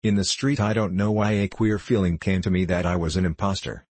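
A man reading a novel aloud as an audiobook narrator, in a measured and steady way. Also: deep voice, no room sound. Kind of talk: scripted storybook narration.

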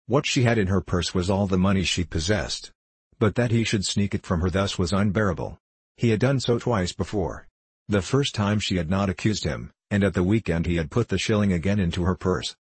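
A man narrating a novel in a measured, even storytelling delivery. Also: sits low, husky, no room sound. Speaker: audiobook narrator.

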